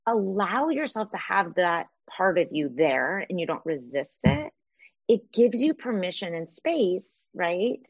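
A woman's voice: on the low side, very animated, unhurried, breathy edge, dry recording, muffled recording. Direction: you're a woman guest coach in a casual interview, earnest and encouraging, with plenty of "like".

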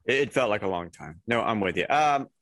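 A man's voice: on the low side, lively intonation, a little fast, fairly bright tone, no room sound. A man in his fifties co-hosting a casual podcast, easygoing and good-humored. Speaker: podcast co-host.

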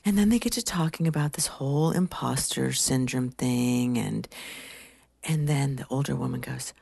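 A woman's voice: extremely low pitch, moderate pace, gravelly, a little mellow, slightly rough, no room sound. A woman telling a story in a conversational way, often dropping to a whisper. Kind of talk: comic storytelling monologue.

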